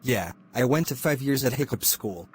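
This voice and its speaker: A man's voice: mid-range voice, expressive, moderate pace, slight background noise, close to an everyday voice. Gordon, a man doing a breezy specialist. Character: cheerful self-assured male hiccup specialist.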